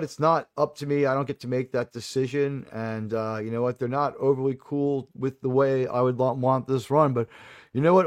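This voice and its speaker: A middle-aged livestream host with a New York accent and a mid-range, darkish voice chats casually with his viewers, rambling and restarting sentences. The recording is dry.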